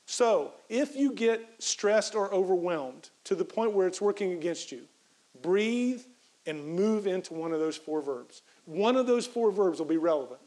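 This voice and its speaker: A man, a professor, giving an energetic motivational keynote talk, repeating key phrases for emphasis and coaching the audience through a breathing exercise. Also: high voice, unhurried, poor audio.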